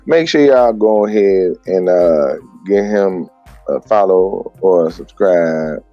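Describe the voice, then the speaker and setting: A man's voice: low-pitched, lively intonation, slow pace, no room sound, lo-fi sound, faint music behind. A man talking through a voice-changer filter, joking in mock-grandiose banter as a podcast co-host. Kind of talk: joking casual chat.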